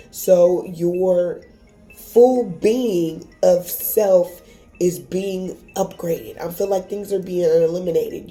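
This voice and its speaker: Dark-voiced, sassy woman reading tarot. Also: lowish voice. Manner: emotional, swears freely, sassy and encouraging. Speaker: tarot reader. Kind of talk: casual tarot reading to camera.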